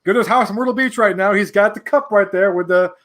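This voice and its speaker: A man in his forties from New York, a podcast guest telling a rambling, animated anecdote full of restarts. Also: high-pitched, fast talker. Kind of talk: casual storytelling.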